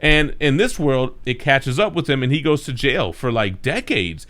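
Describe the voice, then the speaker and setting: A man's voice: mid-range voice, expressive, moderate pace, a bit bright. A man hosting a comic book channel, talking in a laid-back, slangy way as he reviews the week's comics. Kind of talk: casual review chat.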